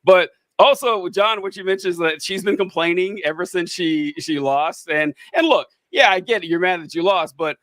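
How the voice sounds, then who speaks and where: A man's voice: sits high, moderate pace, hardly any pauses, fairly bright tone, dry recording. A man co-hosting a podcast, talking politics casually, rambling with fillers and sarcastic asides. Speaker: podcast co-host.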